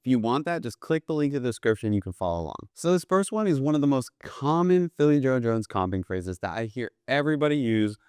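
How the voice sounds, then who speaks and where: A man's voice: medium pitch, very animated, fast talker, few pauses, darkish tone, smooth, no echo, studio quality. Casual man teaching jazz drums. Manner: casual, enthusiastic, keeps asking "right?". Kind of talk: instructional video lesson. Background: drum kit played between phrases.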